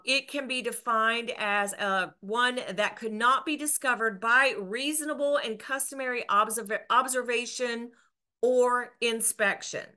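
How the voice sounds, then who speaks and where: Speaking earnestly to camera in an educational explainer, a woman real estate broker walks agents through the rules, restarting sentences and using filler words. Her voice is on the high side with a sharp edge.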